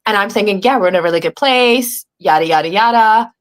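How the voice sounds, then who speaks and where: A young woman with an English accent talks through her story from home in a casual interview. She is animated and swears freely. She voices other people's lines as she retells what happened. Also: medium pitch, a little fast. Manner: animated, swearing, acting out quoted dialogue. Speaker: reality show contestant, guest.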